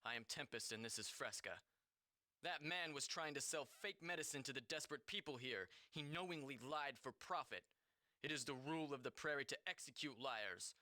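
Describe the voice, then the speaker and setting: A man's voice: mid-range voice, a little fast, bright, forceful tone, dry recording, studio quality. A man voicing a stern male warrior of a plains tribe, recording game lines in an accusing tone. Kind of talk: game voice-acting outtakes.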